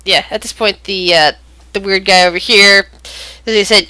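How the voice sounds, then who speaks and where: A woman's voice: mid-range voice, fairly even intonation, normal speed, bright, forceful tone, clear, resonant tone, dry recording. A woman running a tabletop game who narrates with many restarts and stumbles. Her voice sits in the middle range and is recorded close and dry, with no room sound. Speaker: game master.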